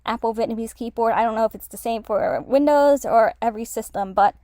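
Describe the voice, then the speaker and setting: A woman's voice: fairly high pitch, brisk, dark tone, dry recording, clean studio sound. A woman casually walking through her language-study spreadsheet, rambling with many fillers and self-corrections. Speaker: language learner explaining her notes. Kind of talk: casual screen-share lesson.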